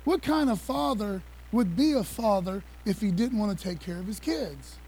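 A male preacher giving an excited, conversational sermon, talking fast with laughs and casual asides. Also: high voice, husky, low-quality recording. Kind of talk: energetic sermon with slides.

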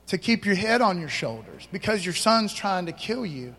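High-voiced preacher man in a reverberant church. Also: animated, normal speed, hardly any pauses, a bit bright. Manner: casual, conversational preaching with slang and rhetorical questions. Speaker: pastor. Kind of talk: sermon. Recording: long hall reverb.

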